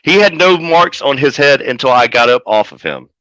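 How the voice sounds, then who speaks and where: A man's voice: medium pitch, expressive, normal speed, pushed and bright, no echo, poor audio. A man, a wrestling manager, telling a profane story in a casual interview and acting out the quotes as he goes.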